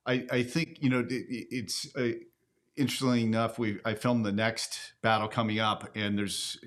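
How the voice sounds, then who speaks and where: A man with a fairly low voice hosts a casual commentary. He muses at length in a reflective, thoughtful way. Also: level tone, moderate pace, a bit bright. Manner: reflective, musing. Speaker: host.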